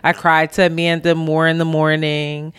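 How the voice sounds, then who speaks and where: Animated woman podcast co-host, smooth voice. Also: moderate pace. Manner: animated storytelling, laughs often, voice jumps high when quoting. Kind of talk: casual chat.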